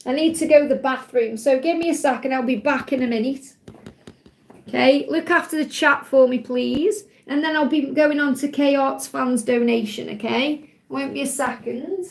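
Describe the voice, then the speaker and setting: Woman, high voice, live spiritual reader, chatty and reassuring. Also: moderate pace, vocal fry. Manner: chatty, reassuring, keeps checking in with "okay?". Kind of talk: casual livestream reading.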